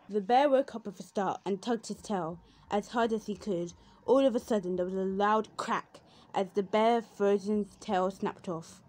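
Woman storyteller, mid pitch, gentle clear read-aloud for kids. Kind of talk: storybook reading for children.

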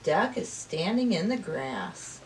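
A woman telling a rhyming story at circle time for preschoolers, slow and expressive, dropping to whispers and rising to calls. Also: lowish voice, far from the mic, background noise. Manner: slow, sing-song and expressive, with big swings between whispers and calls. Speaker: preschool teacher.

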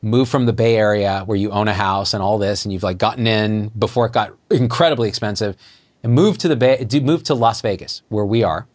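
Middle-aged doctor guy telling a story, acts out every quote, voice jumps up high for the punchlines. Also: fairly quick. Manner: animated, acts out quoted dialogue with jumps in pitch. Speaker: physician guest. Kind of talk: conversational storytelling.

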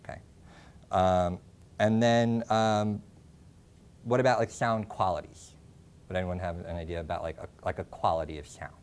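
A man's voice: sits low, fairly even intonation, darkish tone, a little hiss or hum. Young man lecturing with many ums. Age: young adult. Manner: halting, many ums and restarts. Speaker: workshop presenter. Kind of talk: classroom lecture. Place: classroom. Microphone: lapel mic.

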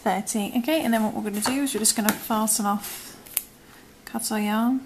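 Against a noisy background, a British woman hosts a crochet tutorial, speaking fairly quickly in a slightly high, steady voice. She chats casually through the steps and often drifts into murmurs and whispers while working.

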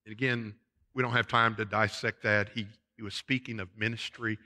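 A man's voice: lowish voice, flat delivery, normal speed, sharp tone. A man preaching a sermon as pastor of a church, repeating his points and calling the congregation folks. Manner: preaching with emphatic repetition, addressing the congregation as folks. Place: church sanctuary.

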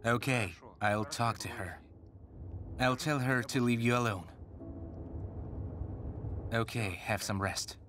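A man dubbing a young husband caught between his wife and his mother in a TV drama, speaking in a measured way. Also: mid-range voice, fairly bright tone, a little hiss or hum. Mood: placating. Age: young adult. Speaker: husband and son. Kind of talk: dubbed TV drama acting.

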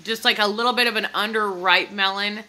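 A woman with a very bright, ringing voice talks casually to her viewers as she reviews candles. She is eager and chatty, and she keeps checking in with her audience. Her pitch sits in the middle for a woman. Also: fairly even intonation, fairly quick, poor audio. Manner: chatty, enthusiastic, addresses viewers as "you guys". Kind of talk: casual product review vlog.

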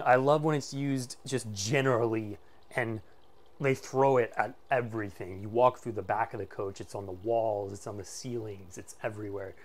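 A man casually presenting a walkthrough of a motorhome for sale, enthusiastic and full of fillers like "um" and "like". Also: mid-range voice. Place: inside a motorhome.

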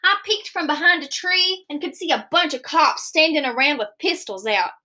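A woman reads a children's novel aloud in steady storytelling narration. Her voice is high and bright. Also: normal speed. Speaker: reader.

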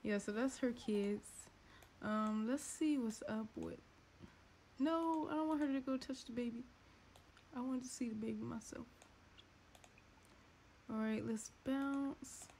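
A woman who makes gaming videos on YouTube narrates a let's-play from home in a playful, talkative way, now and then putting on a squeaky voice for her sims' thoughts. She talks a little slowly with long pauses, her voice a little mellow, and there is slight background noise.

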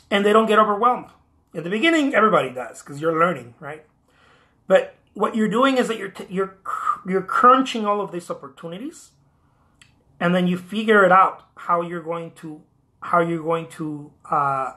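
Male artist-coach, motivational to camera, punchy and repetitive, forceful bright tone. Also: high-pitched. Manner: emphatic, repeats key phrases, acts out quoted voices. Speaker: artist giving career advice.

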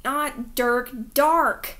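A woman voicing an evil Dark Lord trapped as a boy, who talks in a weak, raspy, boyish voice and shouts his titles indignantly. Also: on the high side, normal speed. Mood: outraged.

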